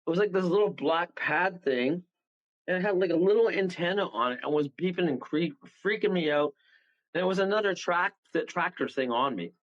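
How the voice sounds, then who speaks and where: High-voiced man telling wild stories. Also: brisk, dull audio. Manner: rambling, animated, laughs mid-story. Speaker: paranormal guest. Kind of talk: casual storytelling on a radio show.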